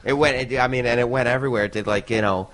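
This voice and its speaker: A man who is a guest on a podcast, telling stories in an animated way and laughing often. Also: mid-range voice, rapid-fire. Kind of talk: casual storytelling.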